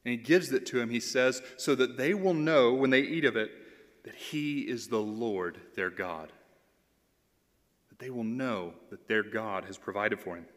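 A man delivers a sermon in an earnest, steady way, reading scripture aloud and repeating key phrases for emphasis. His voice sits in a middle register. A long reverb tail from a church sanctuary trails after each line. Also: mid-range voice. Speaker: pastoral intern.

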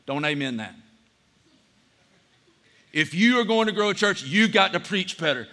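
High bright-voiced preacher man in a hall. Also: moderate pace, long pauses. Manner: animated storytelling, acts out quoted voices. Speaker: pastor. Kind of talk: sermon. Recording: church hall reverb.

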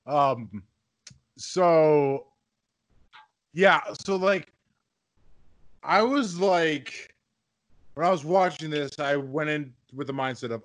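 A young man in casual chat, pausing often to search for his words. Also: on the high side, animated, a bit bright. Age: young adult.

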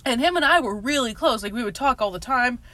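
A woman's voice: a little high, lively intonation, fast talker, bright, forceful tone, dry recording. A young woman casually telling a personal story, rambling with lots of filler words, laughing often and swearing. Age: young adult. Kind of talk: casual chat.

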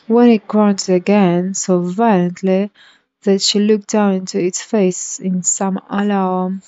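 A woman reading a storybook aloud in a careful, measured way, on a dull lo-fi recording. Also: medium pitch, fairly even intonation, dark tone, dry recording. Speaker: reader.

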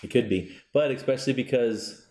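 A man's voice: medium pitch, normal speed, a little mellow. A young man co-hosting a casual podcast, rambling and laughing often as he spins theories. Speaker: podcast co-host. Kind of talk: casual chat. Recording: roomy echo.

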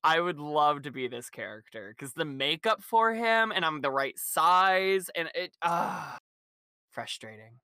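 A man chatting casually on a podcast, wandering through his thoughts with lots of fillers and laughter. His voice is bright and smooth, and the sound is dry and close. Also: fairly high pitch, very animated, a little slow, no room sound. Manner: rambling, laughs often, many fillers. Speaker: podcast co-host. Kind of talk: casual chat recapping a musical.

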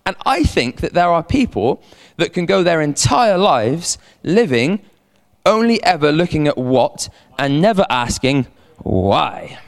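A man preaching a sermon as a pastor, animated, repeating words and calling on the congregation to respond. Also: a little high, measured pace, creaky. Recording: long hall reverb.

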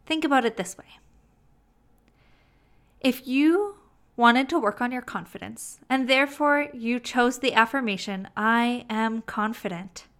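A woman with a fairly high, bright voice teaches self-help ideas. She speaks slowly and deliberately, pausing for emphasis. She slips in playful asides along the way. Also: clear, resonant tone. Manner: slow, deliberate delivery with playful asides and laughter. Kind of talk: motivational teaching monologue.

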